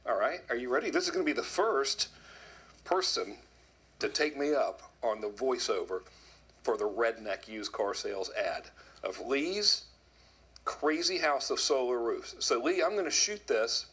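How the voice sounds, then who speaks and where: A man telling a story to his viewers in a casual, animated monologue, often quoting others. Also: mid-range voice, measured pace, slightly rough. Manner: animated storyteller, quotes people in put-on voices. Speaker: video commentator.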